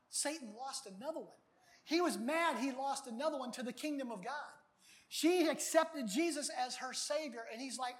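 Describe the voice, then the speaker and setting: Middle-aged pastor, folksy and lively, preaches at a baptism and now and then shouts to the crowd. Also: male voice, extremely high pitch, a little fast. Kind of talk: outdoor baptism sermon.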